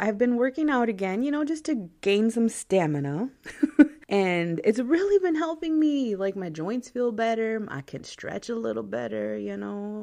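Medium-pitched and a little mellow, this podcast host is a woman in her thirties with a Midwestern American accent. Her talk is casual and chatty, full of frequent laughter and sprinkled with Spanish phrases.

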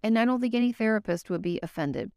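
Gravelly-voiced woman therapist giving frank advice. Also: fairly high pitch, animated, quick pace, a little mellow, no room sound, studio quality. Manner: candid, conversational, occasionally swears. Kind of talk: casual advice talk to viewers.

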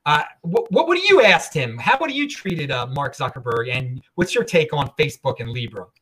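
A male podcast host in easy, casual conversation with his guest. His pitch swings widely as he talks, and he trips over his words and restarts his sentences. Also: normal speed, a little hiss or hum, low-quality recording. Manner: animated, stumbling restarts. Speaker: show host. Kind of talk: casual interview chat.

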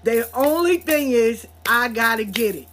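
A woman hosting a podcast, telling a story in a blunt, profane, animated way. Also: a little high, unhurried, a little hiss or hum. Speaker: podcast host. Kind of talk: casual storytelling monologue.

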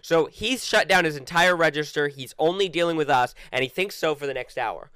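A man's voice: fairly high pitch, fairly quick, clear, resonant tone, no echo, clean studio sound. A man co-hosting a podcast, telling an anecdote in casual chat and quoting the people in it. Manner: steady anecdote telling with quoted dialogue. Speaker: podcast co-host.

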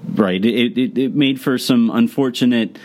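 A man hosting a sports podcast, talking basketball in a relaxed, conversational way. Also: mid-range voice, unhurried. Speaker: podcast host. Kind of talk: casual sports talk.

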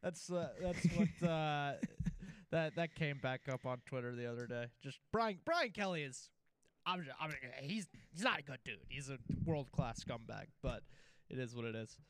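A man's voice: fairly high pitch, normal speed, slight background noise. A man co-hosting sports radio, telling stories with blunt opinions. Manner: blunt, storytelling.

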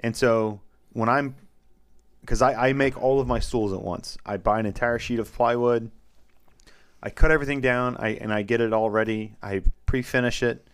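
A podcast co-host chats casually about how he does his woodworking, rambling and repeating words as he explains. His mid-range voice is steady and smooth, moving at a normal speed.

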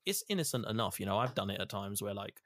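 A man's voice: on the low side, quick pace. A man co-hosting a casual chat, retelling his game choices animatedly and swearing freely. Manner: animated storytelling, swears freely, acts out quotes. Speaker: podcast co-host.

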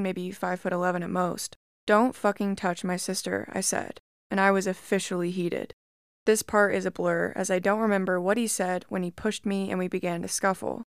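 A woman reads creepy reddit stories aloud in a steady, measured first-person voice. Her tone is smooth and clear at a middle pitch, recorded close and dry. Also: no echo. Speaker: story narrator. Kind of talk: scripted narration of reddit horror stories.

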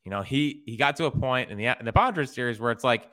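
A man's voice: medium pitch, animated, fast, sharp tone. A man hosting sports radio, giving casual baseball analysis that rambles with restarts and easy laughs.

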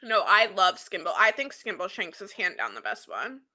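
A woman's voice: mid-range voice, big pitch swings, normal speed, sharp tone. A woman co-hosting a podcast, chatting casually and playfully about a movie, giggling and poking fun at herself, recorded over a remote call. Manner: giggly, playfully self-mocking. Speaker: podcast co-host.

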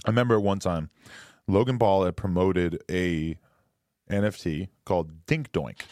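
A man's voice: sits low, moderate pace, a little mellow, no room sound. A man co-hosting a podcast in casual chat, rambling bluntly and swearing freely. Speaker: podcast co-host.

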